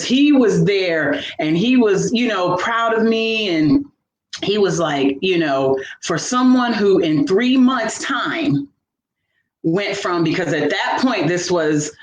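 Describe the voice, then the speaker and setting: A woman, a fitness coach and veteran, telling her personal story in a lively, motivational way during a live interview. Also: fairly low pitch. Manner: animated, motivational, acts out her own inner voice. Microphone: live video call. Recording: echoey room with faint background noise.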